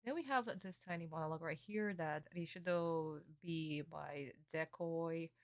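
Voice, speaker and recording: A young woman streamer in a casual reaction stream, excitable and gushing, swearing often. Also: deep voice, normal speed, dry recording, studio quality.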